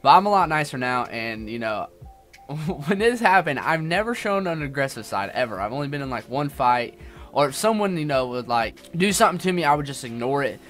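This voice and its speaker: A man's voice: mid-range voice, big pitch swings, fairly quick, fairly bright tone, faint music behind. A young man in his twenties telling a rambling personal story in a casual vlog, restarting sentences often and swearing now and then. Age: 20s. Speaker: YouTuber.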